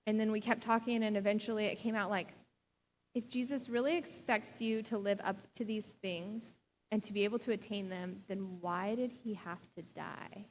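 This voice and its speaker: A woman's voice: mid-range voice, steady tone, moderate pace, long reverb tail, a little hiss or hum. A young adult woman pastor giving a sermon in a casual, chatty way, full of "like" and small laughs. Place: church sanctuary.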